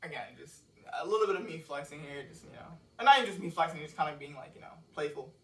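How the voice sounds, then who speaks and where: Dude breaking down his own lyrics, loose and rambly, swears a lot, slightly high voice, roomy echo. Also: lively intonation, quick pace. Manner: loose, rambling, curses freely. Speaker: songwriter explaining his lyrics. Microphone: cheap microphone with laptop and phone. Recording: roomy echo, mic set far off.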